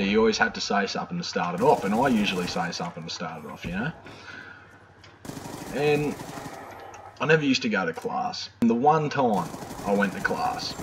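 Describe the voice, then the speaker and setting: Young Australian guy, low voice, foul-mouthed rambling storyteller, faint hiss behind. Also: a bit bright, rough recording. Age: young adult. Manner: crude, rambling, swears a lot. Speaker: gaming video creator. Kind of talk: casual storytelling over gameplay.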